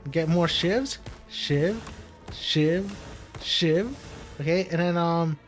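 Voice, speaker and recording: Speaking extremely slowly in a fairly high-pitched voice, a man comments over faint background music. He's a gaming commentator doing casual let's-play commentary on his own card game, reasoning aloud through each move, muttering, and laughing off setbacks.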